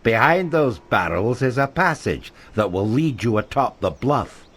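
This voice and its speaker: A man's voice: mid-range voice, big pitch swings, a little slow, fairly bright tone. An actor playing a mysterious male guiding voice, giving cryptic instructions.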